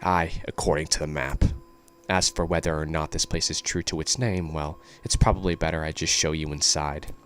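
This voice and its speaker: A man voicing a calm, composed guide figure in a game, speaking in a measured way. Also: rumbling low, voice pushed down.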